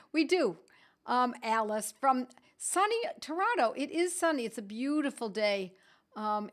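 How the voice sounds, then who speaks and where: Woman host, middle-aged, fairly high voice, warm and chatty greeting her viewers live. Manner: chatty, reads out viewer comments with laughs. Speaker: host of a weekly live stream. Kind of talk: casual live-stream greetings.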